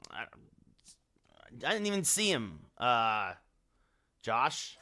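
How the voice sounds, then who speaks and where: Speaking very slowly with big pitch swings, a medium-pitched man sounds pushed and bright. He streams a late-night hockey game with live commentary. He rambles, musing aloud as he scrolls players and talks with his viewers.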